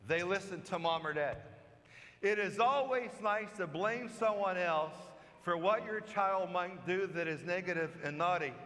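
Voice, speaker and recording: High-voiced priest preaching in a church. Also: male voice, a bit bright. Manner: storytelling, slow and emphatic. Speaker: parish priest. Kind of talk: sermon. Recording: long church reverb.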